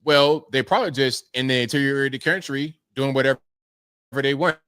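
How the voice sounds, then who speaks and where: A man's voice: mid-range voice, brisk, fairly bright tone, smooth, no echo, clean studio sound. A man hosting a casual livestream, thanking viewers one by one and answering their comments in a laid-back way. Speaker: livestream host reading super chats.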